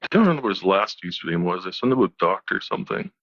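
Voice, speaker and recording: A man's voice: low-pitched, very animated, very fast. A man making dry, offhand side remarks. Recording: dull lo-fi sound.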